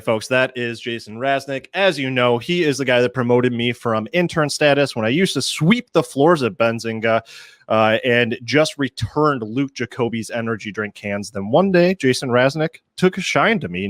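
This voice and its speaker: A man's voice: medium pitch, no room sound, clean studio sound. A man hosting a live stock-trading show, joking and self-mocking as he walks through charts, a little out of breath. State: slightly out of breath. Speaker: host. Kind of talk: live market show chat.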